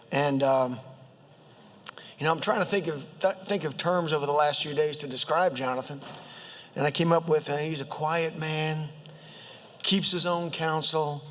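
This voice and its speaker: A man with a Southern accent introducing a colleague in a humorous floor speech, halting with many fillers and jokes, his voice high and a bit squeaky. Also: a bit bright. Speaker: state legislator introducing a colleague. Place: state house chamber. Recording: long reverb of a legislative chamber.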